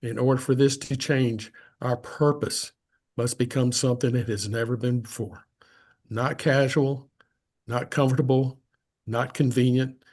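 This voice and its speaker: A man's voice: mid-range voice, steady tone, a little mellow, husky. Solemn man giving a prepared speech. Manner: slow, deliberate, solemn. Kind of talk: delivering a prepared inspirational speech.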